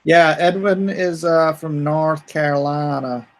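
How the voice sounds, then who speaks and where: A man with an ordinary mid-pitched voice chats casually, teasing and laughing often as a guest. His talk is relaxed and jokey. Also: takes it slowly, low-quality recording. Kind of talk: casual chat.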